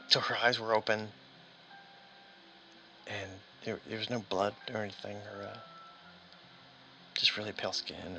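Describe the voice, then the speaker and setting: A man playing an exhausted long-haul trucker calling his father from the road, his speech halting and stammering, broken by nervous laughs. The voice sounds gravelly but sharp, with a little faint music underneath. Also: fairly low pitch, full character voice, poor audio. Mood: shaken, haunted. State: exhausted and aching. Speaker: solo tabletop game player. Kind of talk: first-person in-character monologue.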